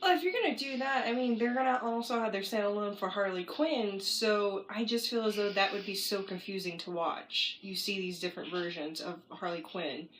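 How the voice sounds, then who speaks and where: A woman co-hosting a podcast in casual chat, opinionated and quick to react. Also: medium pitch, fairly bright tone, rough recording. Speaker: podcast co-host.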